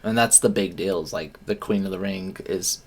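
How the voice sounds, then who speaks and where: A man with a fairly low voice chats as co-host of a wrestling show. He sounds excitable and jokey, and he swears casually as he talks matches. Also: normal speed. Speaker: podcast co-host. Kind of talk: casual chat about wrestling.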